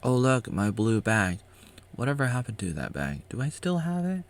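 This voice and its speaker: A man's voice: medium pitch, wildly swooping pitch, moderate pace. A man giving casual, rambling reaction commentary on his own old footage, often restarting his sentences.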